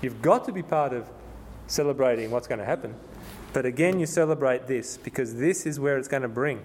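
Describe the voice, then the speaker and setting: A man preaching through a Bible passage, stumbling and restarting as he explains, then reading scripture slowly and with emphasis. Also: fairly high pitch, a little mellow. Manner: conversational, with frequent restarts and repetitions. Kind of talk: sermon, Bible exposition.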